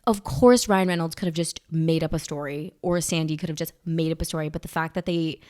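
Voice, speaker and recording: Lively woman co-hosting a movie podcast. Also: sits low, fairly quick. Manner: enthusiastic, quotes characters in mock voices. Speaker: podcast co-host. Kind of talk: casual film discussion.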